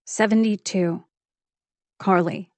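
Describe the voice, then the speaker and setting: A woman reading a first-person psychological thriller audiobook in a measured, intimate storytelling manner on a close studio mic. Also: medium pitch, steady tone, no room sound. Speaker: audiobook narrator.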